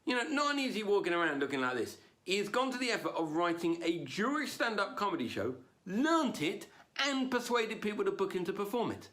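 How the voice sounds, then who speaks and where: A comedian performing stand-up for an online audience. His slightly high voice swings widely in pitch. He jumps from loud punchlines to low, muttered asides. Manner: animated, quick shifts between loud punchlines and low asides.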